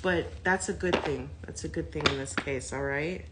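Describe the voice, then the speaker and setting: A woman's voice: deep voice, moderate pace, hardly any pauses, very noisy. A woman doing a casual tarot reading to camera, blunt and profane, thinking aloud as she talks. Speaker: tarot reader.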